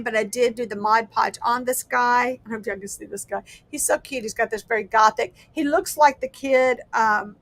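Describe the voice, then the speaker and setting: A woman's voice: fairly high pitch, fairly bright tone, no room sound. A woman hosting a casual crafting livestream, chatting in a rambling, self-deprecating way. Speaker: livestream host.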